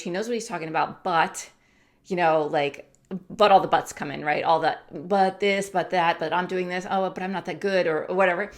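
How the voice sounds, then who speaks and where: Give me a chatty woman vlogger in her thirties with a slightly low voice, talking casually to her viewers. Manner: chatty, animated, acts out her own inner voice. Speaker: YouTube coach and vlogger. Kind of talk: casual talking-to-camera vlog.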